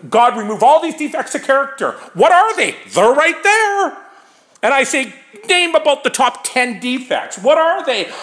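A man's voice: very high voice, a bit bright. A man giving an informal talk on working the recovery steps, speaking conversationally and checking in with his listeners with a frequent "right?". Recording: echoey room.

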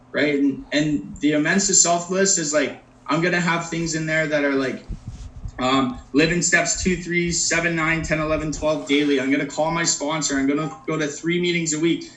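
An earnest man gives a personal recovery talk, keeps checking in with his listeners, and speaks with a slightly high voice. He sits some distance from the microphone. The room around him rings with a noticeable echo. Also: a bit bright. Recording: roomy echo, mic at a distance.

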